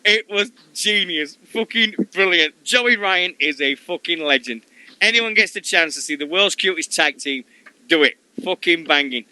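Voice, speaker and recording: A man with a Sheffield accent co-hosting a radio show, telling stories in an excitable, sweary way. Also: high-pitched, normal speed, no echo, rough recording. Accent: Sheffield English. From Sheffield, England. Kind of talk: casual chat.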